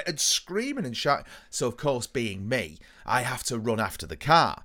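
A man telling stories in a casual podcast chat, animated and sweary. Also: mid-range voice, fairly quick, few pauses. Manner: animated storytelling with lively swearing. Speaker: podcast co-host.

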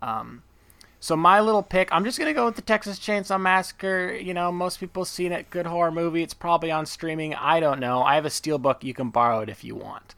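Male podcast host, enthusiastic rambler, bright tone, dry close sound. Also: a little high, fairly quick, creaky, dry recording. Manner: rambling, enthusiastic, full of fillers and asides. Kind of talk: casual chat.

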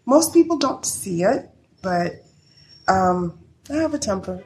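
A woman's voice: medium pitch, measured pace, darkish tone. A woman guest in a casual interview, telling stories candidly and laughing often, recorded in an echoey room. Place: her studio. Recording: echoey room with faint noise.

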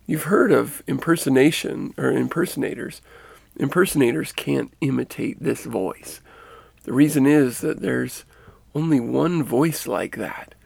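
Gravelly man telling a personal story. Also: mid-range voice, darkish tone, no room sound. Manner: earnest, halting, with restarts and vivid detail. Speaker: storyteller recounting a near-death experience.

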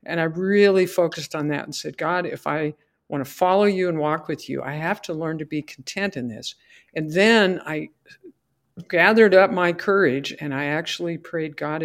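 A woman's voice: low voice, normal speed, creaky. Earnest middle-aged woman telling her story. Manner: earnest storyteller who acts out her prayers and dialogue. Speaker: podcast guest. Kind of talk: personal faith testimony.

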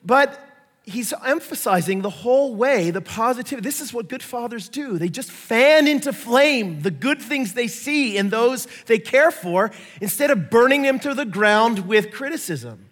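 A man preaching a sermon, telling stories in a lively way and acting out the voices of the people he quotes. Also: extremely high pitch, normal speed. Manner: animated storytelling, acts out quoted voices. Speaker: pastor. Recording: echoey hall reverb.

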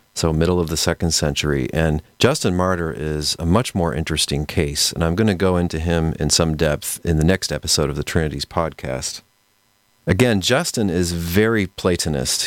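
A man hosting a podcast, explaining history in a measured, scholarly, conversational way. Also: low voice, dry recording, clean studio sound. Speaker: podcast host. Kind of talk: explanatory lecture-style podcast talk.

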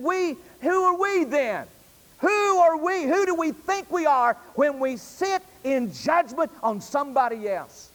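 A man preaching a sermon to his congregation, firing rhetorical questions at them. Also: extremely high pitch. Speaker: pastor. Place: church sanctuary. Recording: reverberant church hall.

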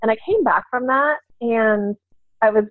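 A woman's voice: on the high side, moderate pace, no echo. Woman, podcast guest, chatty, laughs often, tinny phone-like sound, dry. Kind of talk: casual interview chat.

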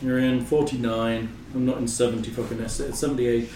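A man's voice: medium pitch, fairly quick, slight background noise. A man running a tabletop game as game master, joking and swearing casually. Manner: animated, profane, joking. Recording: roomy, distant mic with faint ambience.

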